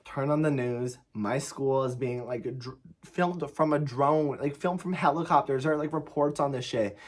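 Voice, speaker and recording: In a mid-range voice at a moderate pace, a young adult vlogger from the United States tells a story to the camera. His manner is casual yet emphatic, with frequent swearing and plenty of "like" fillers.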